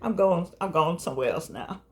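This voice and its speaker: A woman's voice: fairly low pitch, big pitch swings, fairly quick. An older woman hosting her own show, talking to her audience in a fussing, encouraging, preachy way. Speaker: show host. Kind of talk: casual talk to camera.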